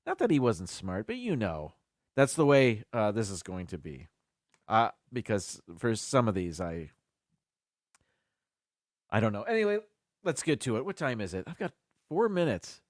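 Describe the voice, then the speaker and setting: A man's voice: on the low side, very animated, moderate pace, long pauses, no room sound, clean studio sound. A man hosting a casual live stream by himself, chatting as he thinks aloud. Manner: chatty, muses aloud about word pronunciations.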